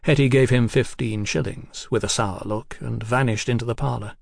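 A man giving a measured, unhurried scripted reading of a novel, recorded close on a studio mic. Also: mid-range voice, steady tone, gravelly, a little mellow, no echo. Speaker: audiobook narrator.

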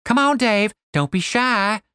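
A man performs a brash, quick-witted young warrior woman in an audiobook fantasy. Her voice sits high and bounces around with playful swagger, close and dry. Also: lively intonation, fairly bright tone, clear, resonant tone, no room sound. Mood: teasing. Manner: bold, quick-witted, teasing.

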